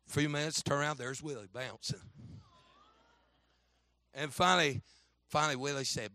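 A man pastor in the middle of a storytelling sermon, pitched a bit high with a bright, forceful voice. He acts out each character and keeps checking in with "amen?". The sound is close and dry. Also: normal speed, no echo. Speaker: Baptist pastor.

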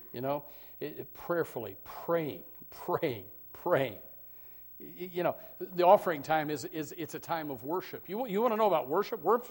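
High-voiced preacher man, loud and soft by turns. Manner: preachy, repeats words, swings from loud shouts to hushed asides. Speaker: pastor. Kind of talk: sermon.

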